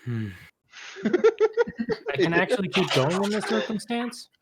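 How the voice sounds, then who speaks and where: A woman's voice: medium pitch, wildly swooping pitch, slow pace, noisy background. A woman playing in a tabletop game, chatting playfully and exclaiming. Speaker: player. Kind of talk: casual tabletop game chat.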